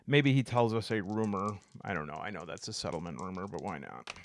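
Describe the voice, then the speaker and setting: A man's voice: low-pitched, brisk. A man narrating a solo tabletop game, thinking aloud as he reads out dice results. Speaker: solo game player and host.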